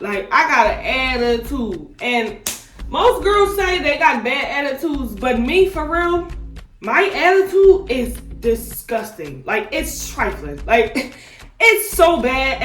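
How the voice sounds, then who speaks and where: A young woman vlogger telling a storytime in a slangy, animated, indignant way, firing off rhetorical questions. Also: a little high. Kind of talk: storytime vlog. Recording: echoey room, mic at a distance, faint music.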